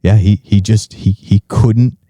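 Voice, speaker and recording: A man's voice: fairly low pitch, fairly even intonation, unhurried, dark tone, no echo, studio quality. A man co-hosting a podcast, telling stories in a casual, profane way and often repeating words as he starts a sentence. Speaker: podcast co-host.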